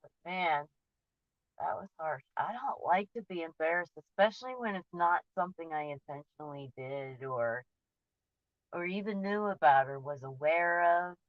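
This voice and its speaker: On a dull, dry lo-fi recording with no room sound, a woman vlogs casually at a normal speed in a lowish voice. She shares her feelings candidly, rambling and frequently breaking off to begin her point again.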